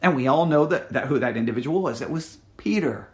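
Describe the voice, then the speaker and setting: A man preaching a sermon, reading scripture aloud and retelling it with dramatic pauses, repeated words and sudden drops to a near-whisper. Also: medium pitch, expressive.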